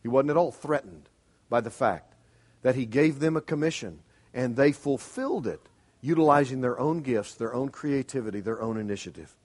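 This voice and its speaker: A man's voice: mid-range voice, moderate pace, darkish tone. A middle-aged man preaching a sermon as pastor, earnest and emphatic, pressing his congregation with pointed rhetorical questions.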